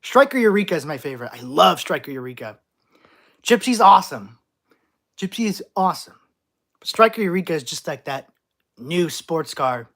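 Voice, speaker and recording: A man's voice: on the high side, very animated, normal speed, gravelly, pauses often, a bit bright. A man hosting a live stream, reading chat questions aloud with playful, jokey overreactions. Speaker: channel host.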